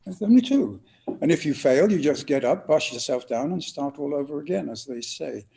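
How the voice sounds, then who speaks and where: Brief: older Englishman, mellow expressive raconteur, guest in conversation. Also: fairly high pitch, moderate pace, vocal fry. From England. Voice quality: lively, expressive storyteller's delivery. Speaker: guest actor. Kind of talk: storytelling interview answers.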